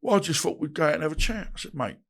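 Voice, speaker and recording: A man's voice: on the high side, very fast. A man, telling stories in an interview and acting out the voices of people he quotes. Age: 50s. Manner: animated, acts out phone calls and quarrels in changing voices. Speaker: podcast guest, boxer. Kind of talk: storytelling interview chat.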